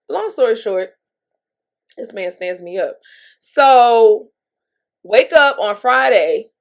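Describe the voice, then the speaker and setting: A medium-pitched woman vlogger with a Southern US accent chats candidly through a personal story in a casual monologue, laughing between lines and sniffling from allergies.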